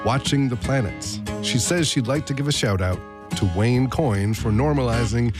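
A male host giving a plain, steady outro after a story. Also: mid-range voice, normal speed. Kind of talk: show outro over music. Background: guitar music.

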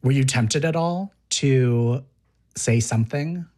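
A woman interviewer with an unusually deep voice for a woman, low enough to stand out at once. She keeps the guest talking with short reactions and pointed follow-up questions. Her tone stays conversational throughout. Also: slow, dark tone.

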